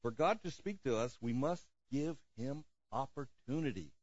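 A man preaching a sermon in a gentle manner, dropping softly at moments and chuckling now and then. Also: mid-range voice, moderate pace, husky, dry recording, dull audio. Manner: gentle, lively preaching with soft drops and chuckles. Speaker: pastor.

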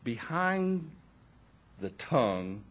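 A man preaching a sermon, slow and expressive, with dramatic pauses and wry asides to his listeners. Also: mid-range voice.

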